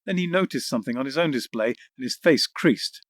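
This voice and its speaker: A man reading an audiobook in measured scripted narration. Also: mid-range voice, expressive, no echo, studio quality. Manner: measured, voices each character.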